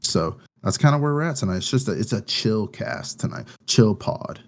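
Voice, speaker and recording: A man with a somewhat low voice co-hosts a casual podcast. He talks loosely, stringing thoughts together with lots of "like" and "um." An anxious undercurrent runs through the easygoing chat. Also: animated, brisk. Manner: rambling, full of "like" and "um". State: anxious about his first baby. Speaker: podcast co-host.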